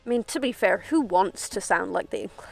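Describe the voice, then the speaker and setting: A young woman streams a video game from home through a headset mic, chatting casually, swearing freely and talking to herself as she plays. Her medium-pitched voice is animated, fairly quick and fried, with faint music in the background.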